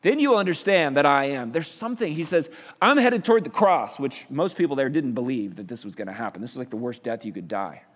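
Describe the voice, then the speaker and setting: A man's voice: medium pitch, animated, fast, few pauses. A middle-aged man preaching a sermon as a pastor, explaining scripture in a conversational way with rhetorical questions. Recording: reverberant hall.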